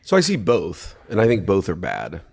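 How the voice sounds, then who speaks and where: A man's voice: low voice, wildly swooping pitch, moderate pace, creaky, darkish tone, breathy edge. A man conducting an interview, speaking earnestly with some restarts. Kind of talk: interview talk.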